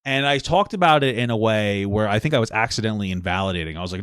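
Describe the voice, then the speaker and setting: A man's voice: on the low side, very fast, a bit bright, clear, resonant tone, dry recording, studio quality. A man in his thirties with a New York accent, co-hosting a casual podcast chat, profane and self-deprecating. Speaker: podcast co-host.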